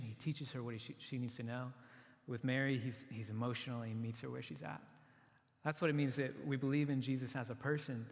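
A man giving a sermon as a pastor, earnest and conversational, often restarting his phrases. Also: medium pitch. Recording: long reverb of a large hall.

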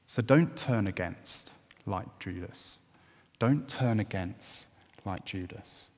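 A man's voice: lowish voice, slow pace. A man preaching a sermon, earnest and at times emphatic. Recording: long hall reverb.

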